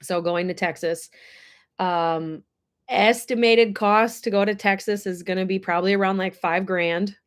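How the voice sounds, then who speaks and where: A woman's voice: mid-range voice, steady tone, unhurried, smooth. Woman host, casual livestream chat, emotional and teary, talks to viewers by name. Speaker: horse ranch livestreamer. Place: indoors with air blowing.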